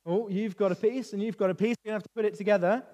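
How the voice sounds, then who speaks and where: High-voiced man quizzing children in a hall. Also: rapid-fire, lo-fi sound. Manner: lively, quizzing children with questions. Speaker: children's talk leader. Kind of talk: interactive Bible lesson for children. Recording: reverberant hall.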